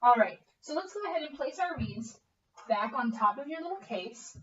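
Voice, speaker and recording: A young woman teaching a bassoon lesson, upbeat and encouraging, checking in with the student often. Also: lively intonation, moderate pace, fairly bright tone. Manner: upbeat, coaching with frequent okay checks. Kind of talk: encouraging one-on-one music lesson. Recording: echoey, distant, dull room audio.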